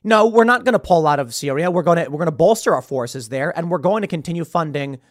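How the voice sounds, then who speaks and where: A smug male bureaucrat waves off objections in a dismissive, lecturing tone, voiced by a man. The voice sits fairly high, recorded dry and close. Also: animated, fast, no echo, lightly acted.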